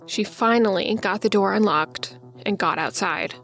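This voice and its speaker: Female podcast host with a creaky, gravelly voice, gently reflective interviewer; light music bed. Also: medium pitch, moderate pace. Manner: gentle, affirming listener.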